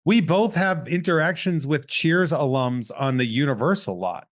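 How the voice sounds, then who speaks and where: A man from Massachusetts hosting a podcast, chatting casually and cracking quick jokes. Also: fairly high pitch, expressive. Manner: joking, quick interjections. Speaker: podcast host. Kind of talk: casual chat.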